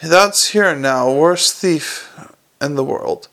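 A man voicing a cheerful, calm and earnest young male watchman in an audiobook. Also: fairly high pitch, slow pace.

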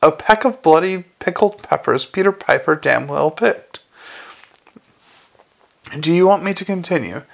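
A sardonic, gruff watch commander drips mock courtesy in a gravelly voice, as a man reads him aloud. His tone stays a little high and sly. It is a storybook figure full of dry menace. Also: lively intonation, a little slow, long pauses. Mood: sarcastic. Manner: mock-innocent sarcasm with a snarling edge.

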